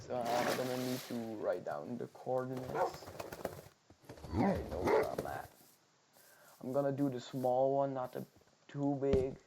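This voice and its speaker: A man's voice: medium pitch, sing-song, a little slow, creaky, pauses often. A man giving casual let's-play commentary, muttering and counting to himself as he plays, often dropping to a half-whisper. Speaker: gameplay streamer. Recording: loud background noise.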